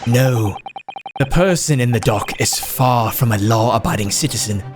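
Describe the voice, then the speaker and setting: A man's voice: medium pitch, moderate pace, voice pushed down, natural voice. A man voicing a haughty, contemptuous aristocratic prosecutor in grand, formal courtroom speech, with game music behind. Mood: accusing. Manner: pompous, formal courtroom oratory.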